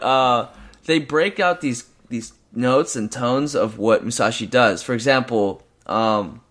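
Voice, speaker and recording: A young man co-hosting a podcast, talking in a rambling, excitable way with lots of fillers and restarts. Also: medium pitch. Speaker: podcast co-host. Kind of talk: casual chat.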